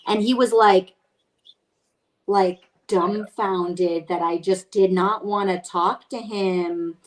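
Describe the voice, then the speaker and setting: A woman's voice: medium pitch, fairly even intonation, slow pace. A young woman hosting a podcast, chatting casually and telling stories bluntly with plenty of swearing. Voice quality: blunt, profane storytelling. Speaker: podcast host. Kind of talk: casual chat.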